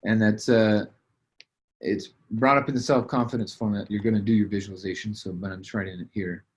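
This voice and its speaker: A man's voice: fairly low pitch, fairly even intonation, a little fast. A man giving a casual motivational training talk about business habits, with loose fillers and restarts. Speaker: business coach. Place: at a desk, writing as he talks.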